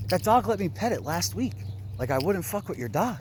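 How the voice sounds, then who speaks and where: A young man vlogging on a walk outdoors, retelling a run-in in an animated way and acting out both sides. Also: high voice, fast talker, a little hiss or hum. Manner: animated, laughing, retells with quoted voices. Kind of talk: casual storytelling.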